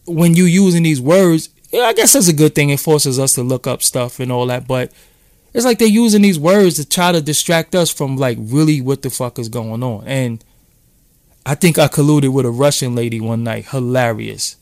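A man's voice: medium pitch, normal speed, darkish tone, no room sound. Profane Brooklyn man, dry close mic. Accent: New York. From Brooklyn, New York. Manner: loose, profane, rambling street talk. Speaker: podcast host. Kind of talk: casual live-stream chat.

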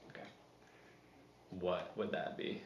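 A man's voice: slow, echoey room, far from the mic, dull audio. A man playing a tabletop game who hesitates and trails off while asking questions. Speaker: player.

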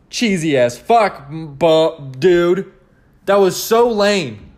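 Young man, fairly high voice, podcast host, rambling, swears a lot, animated. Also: takes it slowly. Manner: rambling, profane, animated, many restarts. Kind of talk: casual solo podcast rant.

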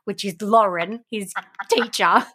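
A young woman co-hosting a podcast in casual chat, gushing and animated and laughing often. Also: medium pitch, measured pace, breathy edge. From Australia. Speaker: podcast co-host.

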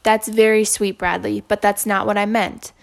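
A woman voicing a gentle, patient female school counselor who speaks softly and reassuringly. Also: medium pitch, little pitch movement, moderate pace, vocal fry, lightly acted. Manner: soft, reassuring.

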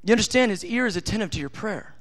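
A man preaching a sermon in an intimate, tender way, at times acting out God's voice softly. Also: sits high, lively intonation, quick pace.

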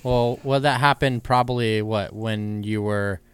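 A woman's voice: extremely low pitch, unhurried, clean tone. A woman in casual conversation, giving brief, dry responses. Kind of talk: casual chat.

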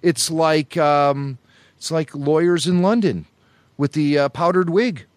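A man co-hosting a podcast, telling jokey stories in a casual, animated way. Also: on the high side, unhurried, no room sound. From Chicago area, US. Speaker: podcast co-host. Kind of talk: casual chat.

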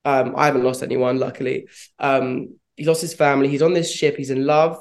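A man's voice: mid-range voice, little pitch movement, fairly quick, gravelly. A man, an actor answering interview questions in a reflective, rambling way, with frequent laughs. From London, England. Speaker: actor guest.

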